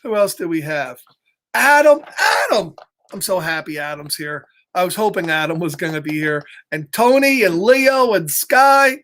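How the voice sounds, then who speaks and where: Male kids' story-time host, casual and chatty, warm giggles, speaks of himself by name. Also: a little high, lively intonation, moderate pace, few pauses. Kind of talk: casual livestream chat to children.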